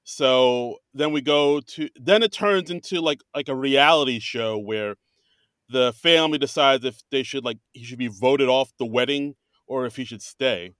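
A man's voice: medium pitch, fairly bright tone, dry recording, studio quality. A man co-hosting a podcast, chatting casually and rambling through his thoughts with many fillers and restarts. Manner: rambling, halting, lots of fillers. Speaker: podcast co-host. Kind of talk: casual chat reviewing a comedy show. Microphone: remote call recording.

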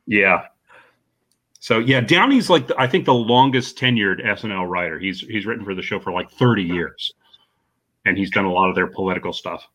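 A man's voice: lowish voice, lively intonation, normal speed, a bit bright. A man hosting a casual movie podcast, chatting and laughing as he recaps a plot. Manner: chatty, laughs often, acts out quotes. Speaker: podcast host.

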